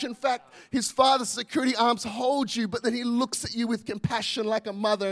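A man's voice: very high voice, steady tone, fairly quick, vocal fry, hardly any pauses. A male pastor, preaching a passionate, emphatic sermon full of repetition.

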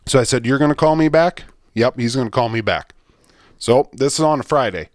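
A man's voice: medium pitch, brisk, dry recording, studio quality. A man co-hosting a podcast, ranting and telling a story in profane casual chat. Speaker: podcast co-host. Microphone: studio mic.

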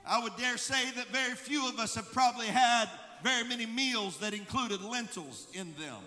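High bright-voiced male pastor preaching, church hall reverb. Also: moderate pace. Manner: preaching, building to shouted emphasis. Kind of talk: sermon. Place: church sanctuary.

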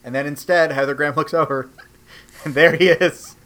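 A man co-hosting a casual comedic podcast, retelling scenes from a show and acting out the characters with big leaps in his voice. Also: moderate pace. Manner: animated, acts out scenes with big pitch jumps. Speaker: podcast co-host. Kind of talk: casual comedic recap chat.

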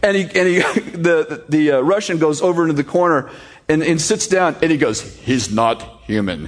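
A man preaching a sermon, telling a story with animated, sarcastic humor before reading scripture. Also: a little high, moderate pace. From United States. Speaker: pastor.

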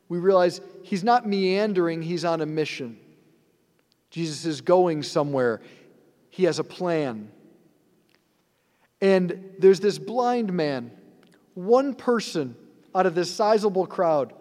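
A man's voice: high-pitched, animated, slow, long pauses, darkish tone. A man, a priest, giving a sermon in an earnest, conversational way with rhetorical asides. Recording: long hall reverb.

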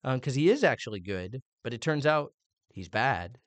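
A middle-aged man co-hosting a casual podcast chat, animated and teasing. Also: mid-range voice, moderate pace, no room sound. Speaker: podcast co-host, father.

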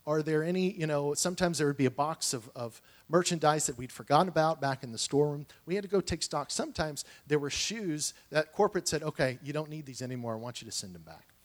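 A man's voice: fairly high pitch, animated, fast talker, few pauses. A man telling personal stories in a sermon, earnest and conversational, with frequent restarts and asides. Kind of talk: sermon storytelling.

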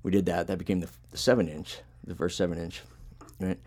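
A man's voice: deep voice, little pitch movement, a little fast, darkish tone. A man chatting casually as host, telling long rambling stories with plenty of swearing and filler words. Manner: rambling, profane, laid-back storytelling. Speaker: podcast host and punk musician. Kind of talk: casual chat.

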